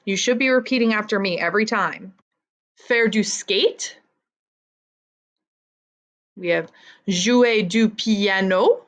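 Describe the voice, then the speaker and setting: A woman teaching a vocabulary lesson to students, with slow repeat-after-me drilling. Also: medium pitch. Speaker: French teacher.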